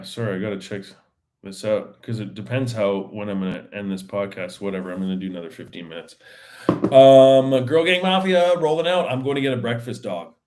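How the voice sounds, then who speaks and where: Slangy rambling man on a podcast. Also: lowish voice. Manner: rambling and slangy, with many fillers and restarts. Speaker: podcast host. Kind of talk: casual solo chat.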